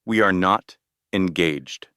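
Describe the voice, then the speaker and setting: A man's voice: sits low, slow, sharp tone, smooth, no echo, studio quality, heavily acted. A man voicing a defiant, haughty young actress.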